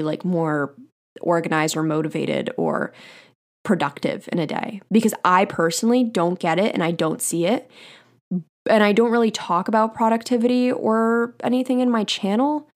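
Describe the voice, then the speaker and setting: Young female podcaster, slightly low voice, bubbly and casual, solo chat. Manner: chatty and bubbly, reading listener comments aloud. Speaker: podcast host.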